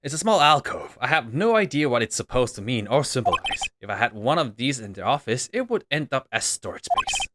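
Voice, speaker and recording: A man casually reading a detective game's dialogue aloud in a wry, relaxed playthrough. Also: medium pitch, a little fast, few pauses, heavy background noise. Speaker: game streamer reading all characters. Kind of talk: game playthrough voicing the text. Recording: voice over loud game music.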